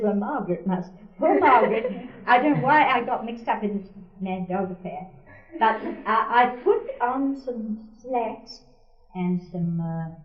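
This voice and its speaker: An older woman recounting a personal memory for an oral history, wry and often laughing as she quotes others. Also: mid-range voice. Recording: tinny, echoey archival tape.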